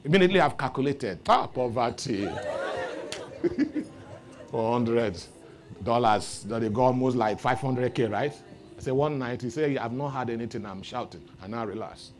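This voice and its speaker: A man preaching a sermon, telling a story with lively rises into loud exclamations. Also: mid-range voice, moderate pace. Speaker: pastor.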